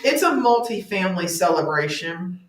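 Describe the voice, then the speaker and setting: A woman's voice: fairly low pitch, moderate pace. A woman co-hosting a painting show, casually chatting and reading viewer comments aloud. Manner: relaxed, reads comments aloud, giggles. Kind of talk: casual chat. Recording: echoey room.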